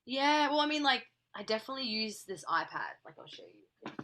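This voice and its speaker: A young woman from Australia talks casually as a podcast guest with a bright, forceful tone. Her speech is loose and chatty, full of "like" and little restarts. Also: fairly high pitch, very animated, a little fast, a little hiss or hum. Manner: chatty, filler-heavy with frequent "like". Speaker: podcast guest, actress and singer. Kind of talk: casual interview chat.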